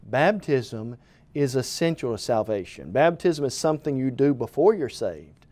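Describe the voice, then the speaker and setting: A man's voice: medium pitch, expressive, normal speed, a little mellow. A man preaching a televised gospel sermon, speaking earnestly and directly to the viewer as "friend", building emphatic repeated phrases. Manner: emphatic repeated phrases, occasional stumbles on words.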